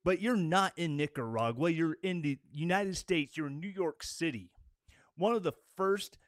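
A man's voice: fairly high pitch, normal speed, no room sound, studio quality. A man giving an angry, sarcastic political rant as a commentator. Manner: sarcastic and combative.

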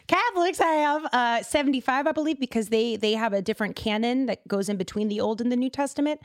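A woman's voice: a little high, brisk, no echo. Host: chatty woman from Boston, casual podcast talk with a dry, close sound. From Boston, USA. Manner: chatty and animated, with lots of fillers and side remarks.

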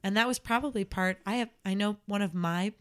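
Young woman nanny chatting, tells stories and does the little voices, medium pitch. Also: brisk, fairly bright tone. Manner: storytelling, acts out quoted voices. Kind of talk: casual chat.

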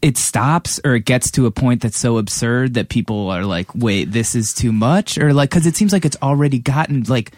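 A man's voice: medium pitch, moderate pace, hardly any pauses, darkish tone, dry recording, studio quality. A man in casual chat, asking a long rambling question with lots of fillers.

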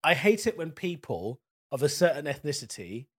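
A man co-hosting a casual comedy podcast, blunt and teasing, quick to laugh. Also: fairly high pitch, very animated, husky.

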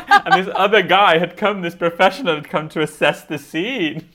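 A man's voice: a little high, normal speed, hardly any pauses, pushed and bright. A man co-hosting a casual chat, telling a funny anecdote and laughing often. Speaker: podcast co-host.

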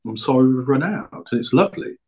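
Male guest, talkative food maker, keen and warm about his product. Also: mid-range voice, lively intonation, fast talker. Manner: enthusiastic, chatty about his own produce. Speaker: guest, black pudding producer. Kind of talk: casual podcast interview.

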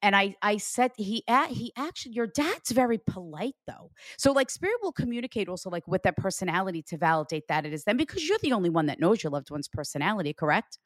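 Animated woman giving a medium reading. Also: medium pitch, fast talker, hardly any pauses, dry recording. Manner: animated, acts out quoted dialogue. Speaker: psychic medium and show host. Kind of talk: spiritual reading.

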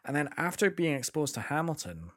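A man's voice: on the high side, big pitch swings, brisk, a bit bright. A young man from England, chatting enthusiastically as a podcast co-host, often restarting his sentences. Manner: enthusiastic, chatty, self-interrupting. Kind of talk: casual chat about a musical.

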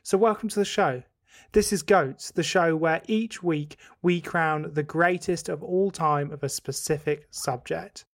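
A man hosting a podcast, chatting casually and teasing his co-hosts with quick jokes. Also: a little high. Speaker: podcast host.

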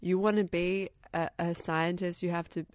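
A woman in casual conversation, making emphatic, opinionated points and slowing down to stress them. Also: lowish voice, steady tone, darkish tone, dry recording, studio quality. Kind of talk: casual chat about a show.

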